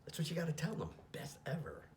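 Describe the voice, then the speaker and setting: A man's voice: a little high, huge pitch swings, fast talker, heavy background noise. A middle-aged man at home giving a casual commentary on a song, reading lyrics aloud and explaining them, sometimes dropping to a whisper. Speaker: music reaction commentator. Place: home room.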